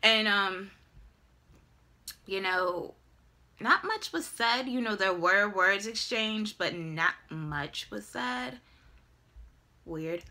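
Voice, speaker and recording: A young woman in her twenties telling a dramatic, animated personal story in a casual vlog. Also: medium pitch, extremely slow, long pauses. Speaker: vlogger.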